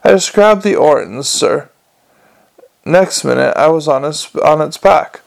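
A man's voice: fairly high pitch, lively intonation, measured pace, vocal fry, exaggerated voice. A man doing a flustered, dutiful sergeant.

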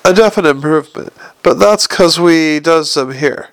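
A patient old foreman with a gravelly, working-class way of speaking, put on by a male audiobook reader. He lays everything out slowly, as if explaining to a child, in a dry, close recording. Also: on the high side, dry recording, natural voice. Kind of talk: audiobook character voice.

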